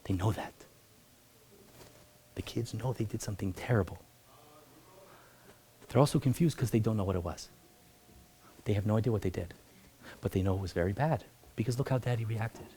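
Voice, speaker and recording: A man, a rabbi teaching an adult class, telling a lively teaching story and acting out its people, jumping between loud bursts and hushed asides. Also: on the low side, moderate pace, long pauses. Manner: animated, acts out voices and jumps between loud and hushed.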